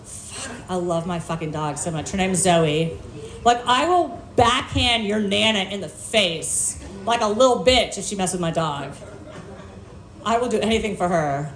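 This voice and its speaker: A woman's voice: medium pitch, expressive, moderate pace, a bit bright, a little hiss or hum. A woman doing a stand-up set on a bar stage, telling stories in a brash, profane, self-mocking way. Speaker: stand-up comedian. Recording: echoey live room.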